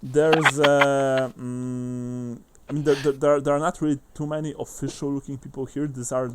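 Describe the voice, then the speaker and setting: A man's voice: mid-range voice, level tone, normal speed, a little hiss or hum. Man narrating as game master. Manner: loose, many fillers and restarts.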